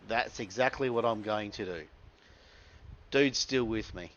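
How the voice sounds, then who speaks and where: A man's voice: fairly low pitch, a little slow, a bit bright, muffled recording. Laid-back Australian man with crude slang. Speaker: gameplay commentator. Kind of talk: casual game commentary.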